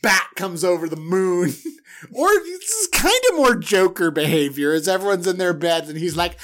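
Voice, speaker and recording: A man tells a story on a comedy podcast in an animated, joking way and laughs often. His voice sits slightly high for a man and swings widely in pitch. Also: moderate pace. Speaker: podcast co-host.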